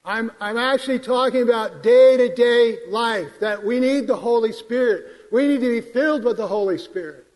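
A man preaching a sermon in a church, quoting scripture in a measured, emphatic way. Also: very high voice, darkish tone. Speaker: pastor. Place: church sanctuary. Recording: long hall reverb.

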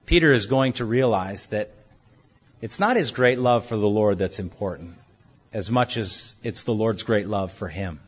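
Husky-voiced man preaching a sermon. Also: normal speed, highs cut off. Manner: expository, acts out the quoted speakers with shifting pitch and volume. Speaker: pastor.

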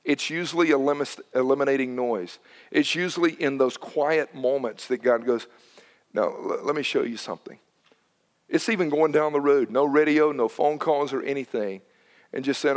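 A man preaching a sermon to his congregation, animated and shifting between loud emphasis and hushed tones. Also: mid-range voice, normal speed. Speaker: pastor. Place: church sanctuary.

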